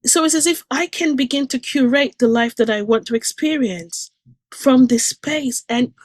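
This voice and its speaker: A guest speaker, a woman with a slightly high voice recorded without echo, gives an earnest, emotional account of her near-death experience. She describes it vividly, restarting sentences as her feelings rise.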